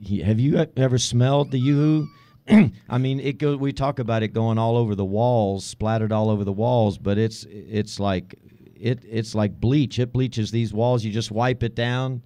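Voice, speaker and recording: A man co-hosting a comedic radio show, answering questions with deadpan one-liners and self-mocking jokes. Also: mid-range voice, moderate pace, no echo.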